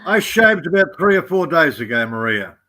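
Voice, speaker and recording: A man's voice: a little high, sing-song, moderate pace, pushed and bright. An Australian man chatting on a live stream, rambling through teasing anecdotes. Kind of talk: casual storytelling chat.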